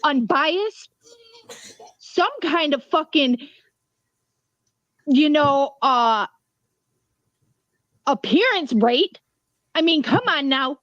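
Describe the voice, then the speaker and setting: Angry high-voiced woman ranting on a stream. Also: expressive, very slow, long pauses, fairly bright tone, no echo. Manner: angry, profane, emphatic. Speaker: livestream host. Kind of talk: heated livestream rant. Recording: dull lo-fi stream audio.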